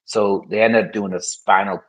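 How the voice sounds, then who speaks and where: Low husky man telling his story. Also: steady tone, moderate pace, fairly bright tone, rough recording. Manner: frank, conversational, many fillers. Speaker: podcast guest. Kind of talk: casual storytelling interview.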